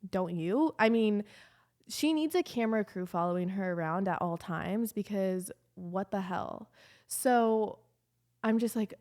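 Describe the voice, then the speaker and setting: A young woman hosting a podcast, telling a story in a candid, animated way and swearing freely. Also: mid-range voice, unhurried. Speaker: podcast host. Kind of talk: casual storytime chat.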